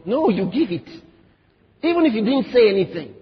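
Husky man preaching with a wide-ranging voice. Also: sits high, very animated, fairly quick. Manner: emphatic preaching with rhetorical questions and quoted voices. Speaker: pastor. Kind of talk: sermon. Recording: reverberant hall, dull lo-fi sound.

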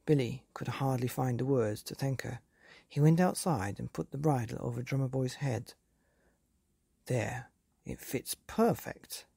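A woman reads a bedtime story in a calm, even manner. Her voice is gravelly and husky, dark and mellow in tone. The sound is close and dry, with no room echo. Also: extremely low pitch, normal speed.

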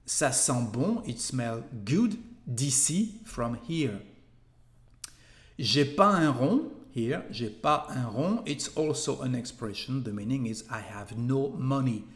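A man's voice: mid-range voice, animated, slow pace. A man with a French accent, a native French speaker, patiently explaining pronunciation as a language teacher. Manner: patient, repeats phrases for learners to copy. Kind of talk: slow instructional explanation. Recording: echoey room.

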